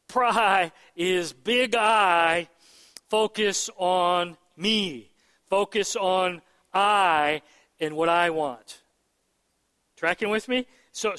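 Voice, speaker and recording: A man's voice: sits high, bright, forceful tone. Emphatic male pastor in echoing hall. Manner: emphatic, asks the room for agreement. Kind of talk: sermon answering questions. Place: church hall with balcony. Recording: long hall reverb.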